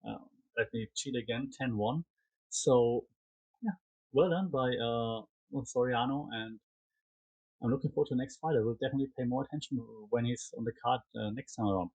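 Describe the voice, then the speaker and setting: A German-accented man talks through recent fights in a loose, rambling solo chat, stopping and restarting often. His voice is husky and sits at a middle pitch. The sound is dry and close, with no room around it. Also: a little fast, darkish tone, dry recording, low-quality recording. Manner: chatty, rambling, frequent fillers and restarts. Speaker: MMA commentary podcaster. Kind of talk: casual solo fight recap.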